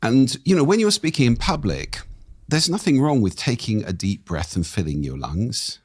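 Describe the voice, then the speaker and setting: An older man with a husky voice, explaining speaking technique in a lively, expressive conversational way. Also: medium pitch, moderate pace, no echo, clean studio sound. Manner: animated, expressive intonation. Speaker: voice coach guest.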